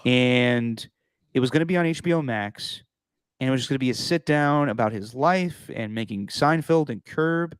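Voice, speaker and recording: A man co-hosting a podcast in casual chat, enthusiastic and quick to laugh. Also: mid-range voice, smooth, dry recording. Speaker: podcast co-host.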